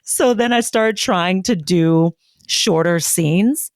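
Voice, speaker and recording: Woman podcast co-host, lowish voice, candid and long-winded, dry sound. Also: slow pace, dry recording. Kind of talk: casual chat.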